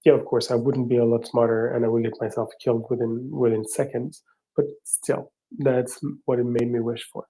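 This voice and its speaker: Halting, mellow-voiced non-native English man. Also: medium pitch, flat delivery, low-quality recording. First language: not English. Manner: rambling, halting, self-deprecating. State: tired, up at four in the morning. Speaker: host. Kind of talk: casual live audio-room chat.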